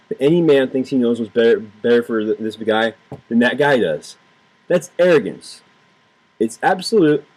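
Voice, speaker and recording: This political vlogger's voice is mid-range and a little mellow, captured in a low-quality recording. He rants to camera, sarcastic and heated, going over the same points and cursing freely.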